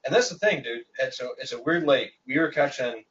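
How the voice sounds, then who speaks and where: A man's voice: medium pitch, expressive, a little fast, a bit bright, slight background noise. A man hosting a live stream in casual chat, easygoing and laughing along with his guest. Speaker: livestream host. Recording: distant, dull livestream audio.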